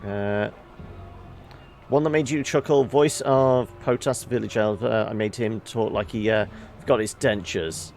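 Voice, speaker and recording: Sex: man. Style: halting casual let's-play talk. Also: lowish voice, darkish tone, faint music behind. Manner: halting, many fillers and restarts. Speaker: game player.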